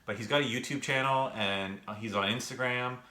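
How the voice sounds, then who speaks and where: Young man, out of breath, rambling casual chat, bright tone, echoey room. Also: medium pitch, moderate pace. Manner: chatty, rambling, with fillers, says he is out of breath. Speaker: gaming vlogger answering live chat. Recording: echoey room, faint background noise.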